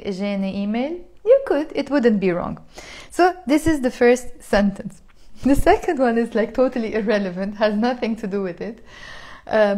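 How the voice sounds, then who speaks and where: A Lebanese woman teaching a live online lesson, chatty and repeating each phrase slowly for learners. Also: on the high side, warm tone. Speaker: Arabic teacher.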